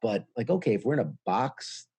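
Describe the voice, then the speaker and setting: Middle-aged New Yorker, veteran guest; mellow husky voice, dry close sound, acts out quotes. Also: male voice, medium pitch, big pitch swings, fairly quick, dry recording. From New York. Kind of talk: candid interview storytelling.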